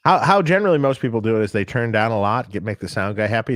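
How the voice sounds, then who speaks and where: A man co-hosting a casual talk show about guitar gear, animated and chatty, who often acts out quotes. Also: lowish voice, rapid-fire, no echo, clean studio sound. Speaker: co-host, amp technician. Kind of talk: casual chat.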